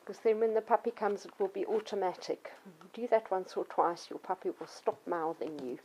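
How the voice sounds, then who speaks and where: Woman, middle-aged, dog trainer, patient teaching voice, mid pitch. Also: brisk, mellow, slight background noise, poor audio. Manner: clear, patient explaining, acts out yelps and children's voices. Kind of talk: instructional talk to children and parents.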